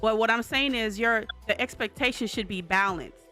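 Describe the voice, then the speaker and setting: A Southern woman in a casual chat with a voice pitched a touch high. She reasons her points out earnestly and sometimes restarts a sentence partway through. Soft music plays behind her. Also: moderate pace.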